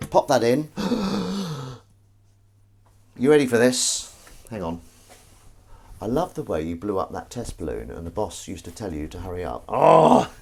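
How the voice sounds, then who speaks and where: A man hosting a casual live stream, rambling and self-mocking with sudden shouts while he does the washing up at home. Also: low-pitched, background noise. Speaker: streamer host. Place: home kitchen, doing the washing up. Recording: clattering dishes and running water.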